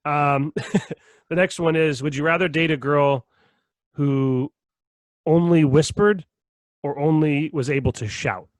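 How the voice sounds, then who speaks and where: A man's voice: on the high side, slow, long pauses, dry recording. A man hosting a casual podcast chat, laughing often as he reads out would-you-rather questions. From Irish family background. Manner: laughs often, relaxed and joking. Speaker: podcast host.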